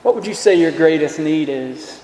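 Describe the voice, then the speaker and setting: A man's voice: fairly high pitch, animated, normal speed, darkish tone. A man preaching a sermon in an earnest voice, asking rhetorical questions and repeating his words. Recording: echoey hall, faint room noise.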